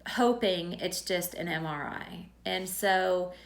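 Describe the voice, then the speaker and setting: A woman's voice: lowish voice, slow, vocal fry. A middle-aged woman candidly telling a personal story in a vlog, retelling conversations as she goes. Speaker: teacher.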